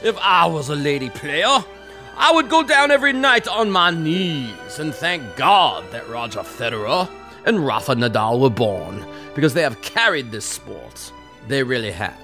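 A man's voice: fairly high pitch, big pitch swings, a little slow, bright, forceful tone, faint music behind, voice pushed up, full character voice. A man putting on a pompous old tennis boss. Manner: affected, pompous put-on voice. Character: pompous older male tennis executive, mocking.

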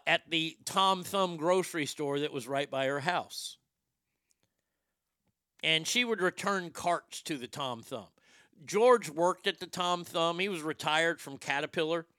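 Crude, punchy middle-aged comedian. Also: male voice, on the high side, no echo, studio quality. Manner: crude, animated, acts out quotes. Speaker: stand-up comedian. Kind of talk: stand-up storytelling.

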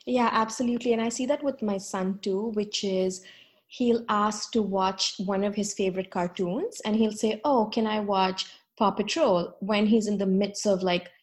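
A woman's voice: medium pitch, steady tone, normal speed, a little mellow. A woman hosting a conversation, speaking reflectively with some hesitant fillers. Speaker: podcast host. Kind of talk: conversational interview.

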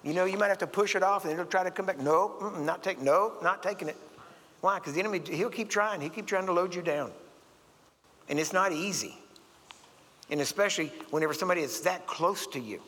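A man's voice: high voice, quick pace, a bit bright. A man preaching a sermon in a church, telling folksy stories and acting out the voices of the people in them. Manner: folksy storytelling, acts out voices. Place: church sanctuary. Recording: long hall reverb.

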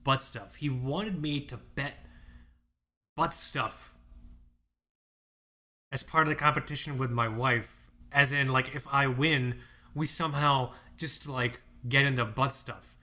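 Man, 30s, casual podcast co-host, crisp bright tone, animated storytelling, swearing. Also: mid-range voice, takes it slowly, pauses often. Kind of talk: casual chat.

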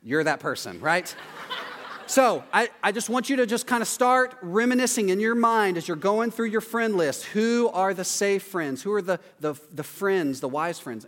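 A man preaching a casual, conversational sermon in a chatty, animated way, often tagging his points with "right?". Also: high-pitched, moderate pace, big-room sound.

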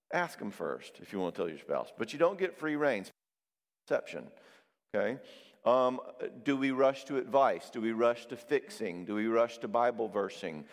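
A man's voice: mid-range voice, big pitch swings, normal speed, long reverb tail. A man preaching in a loose, conversational way, acting out the quoted voices of people he describes. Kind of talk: sermon.

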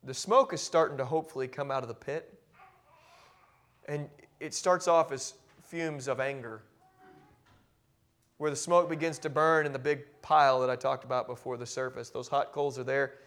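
A man preaching a sermon as pastor, moving from quiet reflective passages to loud, emphatic declarations and often repeating words as he builds. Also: mid-range voice, steady tone, normal speed. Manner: repeats and restarts words when carried along.

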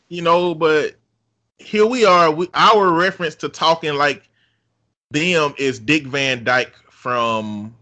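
Man, casual co-host; bright, relaxed, rambling delivery. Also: a little high, drawn-out words, pauses often. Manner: laid-back, rambling, lots of fillers. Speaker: podcast co-host. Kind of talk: casual chat.

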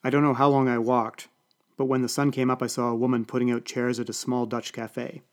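A man's voice: mid-range voice, little pitch movement, a little fast. A man with a Canadian accent reading a first-person story aloud in a dry, wry way. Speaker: audiobook narrator. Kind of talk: first-person scripted narration.

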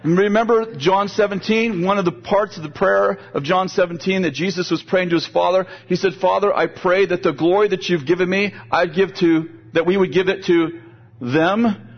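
Preaching a sermon with storytelling, an older man keeps a conversational tone and often repeats words to make his point. His high voice holds steady at a normal speed, and the sound is dull and lo-fi.

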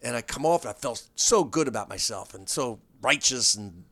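A middle-aged man, a comedian and comedy writer, telling stories in a casual chat with quick bursts and restarts. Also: medium pitch, expressive, a bit bright, no room sound.

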